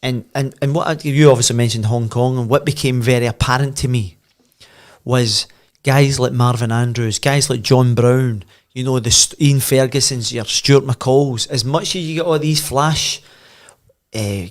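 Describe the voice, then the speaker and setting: A middle-aged Scottish man, a former footballer and podcast guest, telling animated anecdotes in casual chat. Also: medium pitch, normal speed. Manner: animated anecdotes, voice swells when telling the story.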